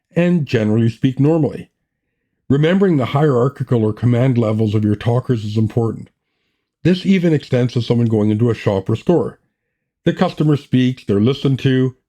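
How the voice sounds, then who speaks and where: A man gives a scripted writing lesson in a mellow, even voice of middle pitch. His delivery is measured and plain, and he moves steadily from point to point. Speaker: writing podcast host. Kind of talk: scripted teaching talk.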